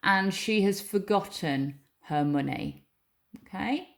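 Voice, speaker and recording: A woman's voice: mid-range voice, expressive, takes it slowly, vocal fry. A woman teacher giving a recorded lesson, patiently reading example sentences aloud and explaining each one.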